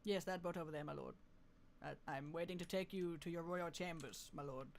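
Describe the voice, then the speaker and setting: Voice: medium pitch, fairly quick, gravelly. A streamer giving live gameplay commentary, playfully talking with mock deference and often laughing.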